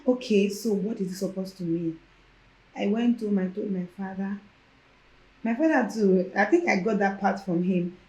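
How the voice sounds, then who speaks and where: Animated Nigerian woman telling her story, roomy sound. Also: mid-range voice, normal speed. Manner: animated, acts out quoted dialogue. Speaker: guest. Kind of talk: casual personal storytelling. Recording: roomy echo.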